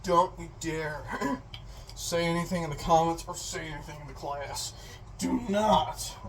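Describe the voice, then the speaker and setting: A young woman talks to her viewers while she cooks, rambling and goofy. She speaks at an unhurried pace. Faint background noise sits under her voice. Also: deep voice, far from the mic, poor audio. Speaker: cooking vlogger. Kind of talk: casual cooking chat.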